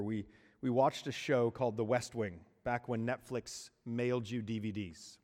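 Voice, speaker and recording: A man preaching a sermon, using dramatic pauses and dropping to hushed endings on key words. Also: medium pitch. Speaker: pastor. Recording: long hall reverb.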